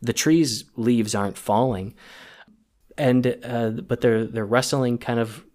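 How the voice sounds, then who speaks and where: A man talks through a film on a podcast in a casual, halting way, restarting his sentences. He gets emotional and chokes up. His voice sits at a middling pitch. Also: fairly even intonation, a little mellow.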